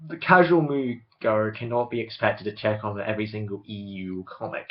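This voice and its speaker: A young man ranting casually to camera about a film franchise, rambling and stopping to restart his sentences. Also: on the low side. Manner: rambling, self-interrupting, opinionated. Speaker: video blogger. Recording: dull lo-fi recording.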